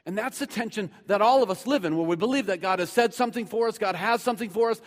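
A man preaching a sermon in a conversational way, moving between loud, emphatic stretches and hushed ones. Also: sits high, fast, long reverb tail. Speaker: pastor.

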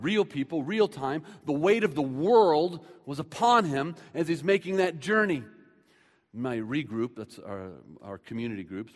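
Conversational pastor in an echoing hall. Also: male voice, medium pitch. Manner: conversational preaching, swings from loud to hushed. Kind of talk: sermon.

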